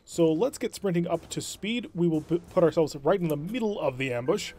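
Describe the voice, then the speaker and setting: A man talks through a strategy game session, explaining his tactics and thinking aloud. His voice sits somewhat high for a man. He speaks in a casual commentary style. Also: animated, a little fast, darkish tone, faint music behind. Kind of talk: let's-play commentary.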